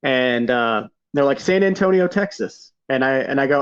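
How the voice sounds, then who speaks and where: A man from Michigan hosting a podcast, telling stories in a relaxed, laughing way. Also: medium pitch, normal speed, clear, resonant tone. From Grand Rapids, Michigan. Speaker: podcast host. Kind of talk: casual chat. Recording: slightly dull lo-fi sound.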